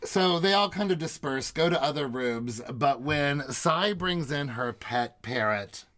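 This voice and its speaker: A man co-hosting a podcast, chatting casually and recapping a reality TV episode, animated and laughing often. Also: on the high side, measured pace. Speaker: podcast co-host.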